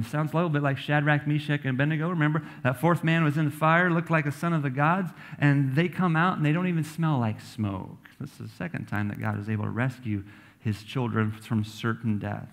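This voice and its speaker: A man's voice: on the high side, brisk. A man pastor preaching a sermon in a church, reading scripture aloud and breaking into casual asides. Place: church sanctuary.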